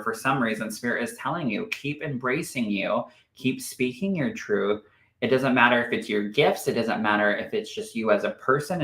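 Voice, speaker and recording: A man hosts a live spiritual reading for viewers, gushing and affectionate as he goes through comments. His voice has a bright edge. The sound carries a roomy echo. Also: mid-range voice. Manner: affectionate, gushing, calls viewers "my love" and "darling". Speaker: spiritual medium and host.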